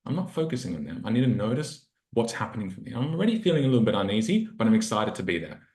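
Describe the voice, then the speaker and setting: Speaking rapid-fire in a low, sing-song, slightly mellow voice, a man shares a personal story on a podcast interview. He's a relationship coach, earnest and reflective, acting out what went through his head. There's a roomy echo.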